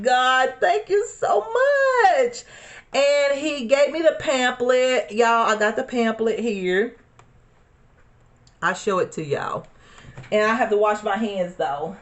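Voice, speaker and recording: Slow-talking woman vlogger. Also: medium pitch. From Alabama. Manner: chatty, repeats herself, addresses viewers as y'all. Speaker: beauty vlogger. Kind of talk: casual get-ready-with-me chat. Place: home desk corner.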